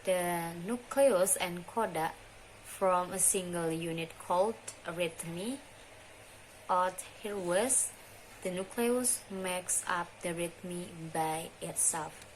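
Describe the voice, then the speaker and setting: A young woman, a student, presenting a phonology lesson in slow, halting, deliberate speech. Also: fairly low pitch, a little hiss or hum, rough recording. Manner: deliberate, halting delivery with restarts and mispronounced terms. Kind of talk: slow, careful lesson reading.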